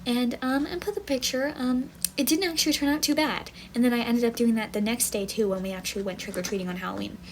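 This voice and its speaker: Young woman rambling softly in a vlog. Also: a little high, fast talker, hardly any pauses, slight background noise, rough recording. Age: young adult. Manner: rambling, many fillers, often drops to a soft whisper. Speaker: vlogger. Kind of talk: casual storytime vlog.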